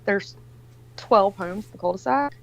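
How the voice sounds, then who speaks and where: A woman's voice: medium pitch, unhurried, creaky, poor audio. A woman in her forties on a video call, casually telling a long, rambling story full of swearing and acted-out quotes. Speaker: livestream guest.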